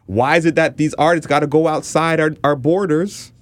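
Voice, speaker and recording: A man's voice: on the high side, fairly even intonation, normal speed, dry recording. A man from Toronto, co-hosting a casual podcast and ranting passionately with lots of restarts. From Toronto, Canada. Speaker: podcast co-host.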